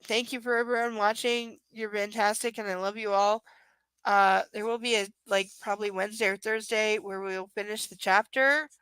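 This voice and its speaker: A woman's voice: mid-range voice, fairly even intonation, normal speed, a bit bright, clean tone, no echo, poor audio. A young woman with a stuffy, nasal voice, hosting a live book-reading stream. She talks in a tired, rambling, affectionate and self-deprecating way. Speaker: livestream host reading a book aloud. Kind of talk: casual live-stream chat.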